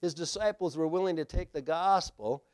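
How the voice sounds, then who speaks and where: Guy preaching a sermon, fairly high voice, gets loud then drops real quiet, acts out the bible bits. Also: moderate pace. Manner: animated preaching, acts out scripture quotes, swings between loud and hushed. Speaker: pastor.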